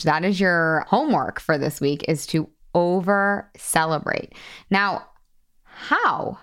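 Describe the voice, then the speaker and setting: A chatty woman in her thirties, talking through a solo podcast episode as a coach. Her voice sits a touch low, but she stays bubbly, laughs often and slips into lively quoted voices. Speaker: podcast host and weight-loss coach.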